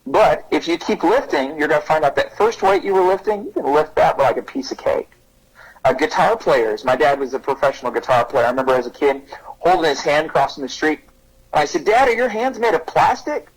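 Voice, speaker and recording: Male guest speaker, thirties, lively storyteller who acts out quotes, husky tone. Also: fairly quick, poor audio. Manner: animated, pitches up to act out quotes. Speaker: guest speaker on parenting and resilience. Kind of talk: conversational podcast storytelling.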